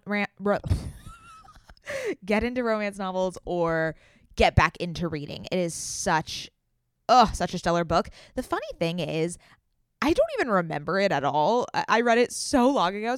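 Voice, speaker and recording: A woman's voice: fairly low pitch, clear, resonant tone, no room sound, studio quality. A young woman hosting a podcast in a casual solo chat, chatty and giggly, tripping over her words now and then. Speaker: podcast host.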